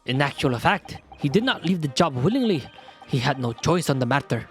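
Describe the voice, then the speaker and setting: A male streamer voicing an older Scottish prison governor with broad Scots words and a put-on Scottish accent, reading game lines in a grave, measured way. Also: on the high side, sing-song, soft background music. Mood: somber. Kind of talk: reading game dialogue aloud.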